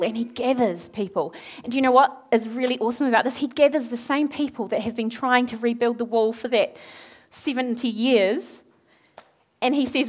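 A woman preaching a sermon, retelling a Bible story in a lively way, acting out the characters' lines and asking her listeners questions. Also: a little high, normal speed. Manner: animated, acts out quoted characters, asks the audience questions.

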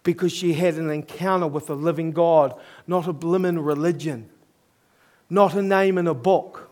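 A man with a New Zealand accent delivers a storytelling sermon in a noticeably high voice. He is earnest and middle-aged, and he chuckles at his own mishaps as he preaches. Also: fairly even intonation, normal speed, a little mellow.

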